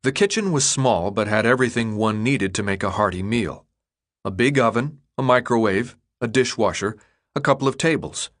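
A man reading an audiobook in a measured, expressive storytelling manner. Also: on the low side. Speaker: audiobook narrator. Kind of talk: scripted narration.

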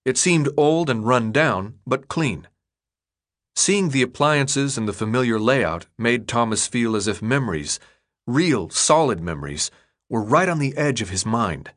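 A man narrates an audiobook from a script in a measured, expressive storytelling manner, his voice at medium pitch.

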